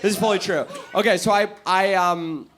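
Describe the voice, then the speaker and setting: A man's voice: high voice, fairly even intonation, normal speed, a bit bright. A man from New York City doing stand-up crowd work on a comedy club stage, brash, profane and teasing the audience. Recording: noisy live club recording.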